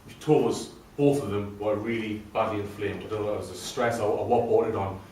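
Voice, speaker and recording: Fast-talking man. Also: on the low side, fairly even intonation, a little mellow, a little hiss or hum. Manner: chatty, self-deprecating and humorous. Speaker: speaker telling his story to an audience. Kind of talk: storytelling talk to a live audience. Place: room with a live audience. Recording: very echoey room from a distant mic, faint ambience.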